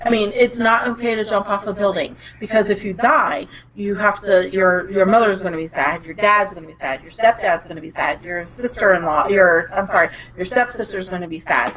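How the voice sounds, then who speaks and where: A woman's voice: mid-range voice, fairly quick, few pauses, fairly bright tone, poor audio. A woman in her thirties on a podcast, rambling through a story in a casual, chatty way with laughter. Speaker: podcast co-host. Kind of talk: casual chat.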